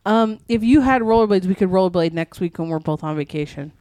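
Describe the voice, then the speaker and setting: A woman's voice: fairly low pitch, lively intonation, a little fast, dark tone, no room sound, clean studio sound. A woman co-hosting a podcast, teasing her friend and exclaiming playfully while watching a video chat. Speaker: podcast co-host.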